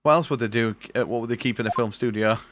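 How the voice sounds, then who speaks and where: A man's voice: mid-range voice, fast. A young man streaming a game, chatting casually and reading its dialogue aloud in his own voice over a noisy recording. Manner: chatty, reads on-screen text in his own voice.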